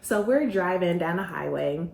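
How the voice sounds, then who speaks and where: A woman host telling a personal story in a lively, slangy way, acting out what people said. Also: fairly low pitch, moderate pace, creaky, echoey room. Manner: animated, slangy, acts out quoted voices.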